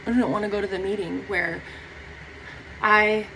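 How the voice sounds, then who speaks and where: A woman's voice: medium pitch, steady tone, moderate pace, a bit bright, a little hiss or hum, low-quality recording. A young woman talking through her feelings in a rambling personal vlog, close to tears, swearing casually. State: near tears. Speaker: vlogger.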